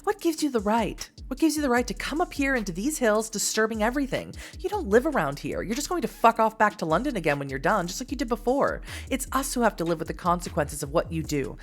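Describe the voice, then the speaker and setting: A woman's voice: on the high side, very animated, fast, hardly any pauses, voice pushed up. A woman voicing a sour, angry woman who lives alone in a caravan and speaks in a bitter, accusing way.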